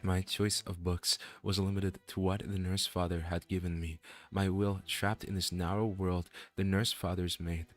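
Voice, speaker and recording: A man voicing a despairing captive trapped in a web of fate, reading game dialogue in a slow, solemn, weary way. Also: sits low, level tone, soft background music, close to an everyday voice.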